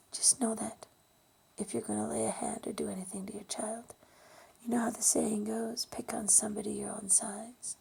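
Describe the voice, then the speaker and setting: A woman telling a personal memory in a soft, often whispery voice, halting with ums and restarts. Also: fairly high pitch. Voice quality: breathy, gravelly. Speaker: storyteller sharing a personal memory. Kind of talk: personal storytelling monologue.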